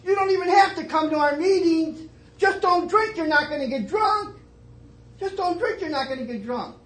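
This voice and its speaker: A middle-aged man telling his story at a twelve-step meeting, starting low and emotional and rising to fervent emphasis, with many repeated phrases. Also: animated, moderate pace, fairly bright tone. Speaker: recovering alcoholic sharing his story. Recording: echoey meeting room, faint noise.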